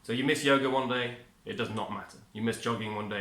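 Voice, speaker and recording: A man's voice: medium pitch, fairly even intonation, fast talker, bright, forceful tone. A man giving a rambling, upbeat self-help monologue, often cutting himself off mid-word. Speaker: vlogger. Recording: echoey room.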